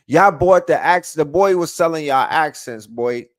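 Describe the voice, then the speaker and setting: A man giving an excitable live reaction to a new rap track, repeating lyrics and bursting out in slangy commentary. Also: fairly high pitch, normal speed, hardly any pauses. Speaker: music reaction streamer.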